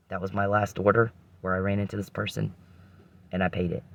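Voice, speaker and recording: A man's voice: lowish voice, level tone, brisk, gravelly. A man hosting a podcast, telling a rambling personal story with frequent restarts and religious reflection.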